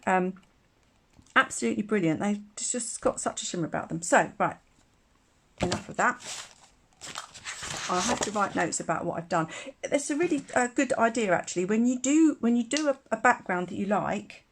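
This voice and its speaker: A woman's voice: mid-range voice, lively intonation, normal speed, background noise. Chatty woman demonstrating crafts. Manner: chatty, rambling asides, laughs often. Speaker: craft tutor. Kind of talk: casual live craft demonstration.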